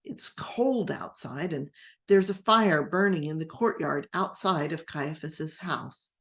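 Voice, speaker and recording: A woman pastor teaching a Bible class in a gentle, rambling storytelling manner, sometimes acting out the quotes. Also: low voice, slow pace.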